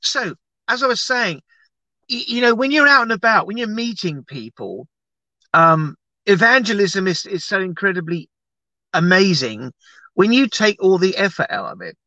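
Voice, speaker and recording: A man's voice: high-pitched, normal speed, no room sound, highs cut off. A man, talking casually and animatedly as an evangelist, teaching and praying on a livestream with many restarts. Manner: animated, chatty, rambling with restarts.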